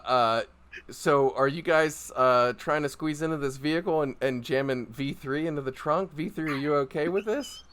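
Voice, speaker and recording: A man running a tabletop game as game master, casual and halting with many fillers. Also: on the high side, a bit bright, a little hiss or hum.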